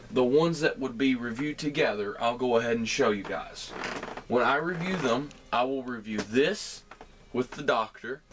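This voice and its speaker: A man's voice: medium pitch, a bit bright. Young Southern guy, casual haul-video vlogger, talkative and meandering, light background noise. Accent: Southern American. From Southern United States. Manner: chatty, rambling, addresses viewers as guys. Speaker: collectibles vlogger.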